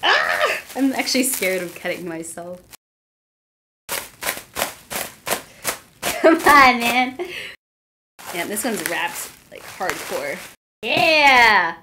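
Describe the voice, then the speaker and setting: A young woman in a casual unboxing vlog, excitable and gushing, squealing and gasping as she opens gifts. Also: mid-range voice, drawn-out words, long pauses, slight background noise.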